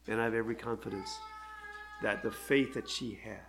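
An older man, a pastor, preaching an earnest, heartfelt sermon with pauses. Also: on the low side, steady tone, creaky.

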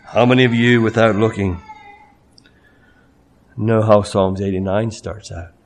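A man preaching a sermon, reading scripture aloud with swelling emphasis and slow dramatic pauses, then dropping low and quiet to comment. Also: steady tone.

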